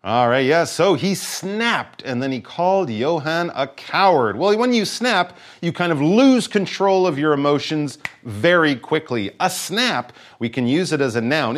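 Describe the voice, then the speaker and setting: Animated male English teacher. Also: mid-range voice. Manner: animated, acts out example voices. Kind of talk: conversational lesson explaining vocabulary.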